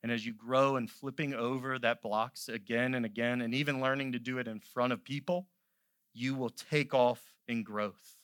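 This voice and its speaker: Bright-voiced impassioned male preacher. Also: mid-range voice, fairly even intonation, moderate pace, dry recording, studio quality. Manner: impassioned, swells from quiet to loud; conversational storytelling asides. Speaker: pastor. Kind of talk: sermon.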